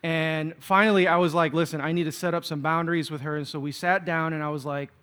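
A man's voice: on the high side, steady tone, quick pace, a bit bright, smooth. A man of Filipino background preaching a sermon, telling stories with humor and acting out the voices he quotes. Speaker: pastor.

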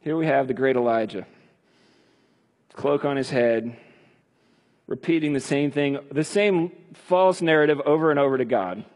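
A man's voice: medium pitch, normal speed, pauses often, a little mellow. A male preacher retelling scripture in a conversational sermon with emphatic stresses. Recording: long hall reverb.

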